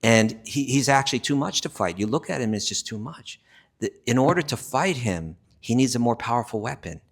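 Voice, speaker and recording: A man's voice: mid-range voice, lively intonation, a little fast. A man telling a scripture story to a class in a conversational way, often checking in with "right?" and restarting phrases as he builds his point. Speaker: spiritual teacher.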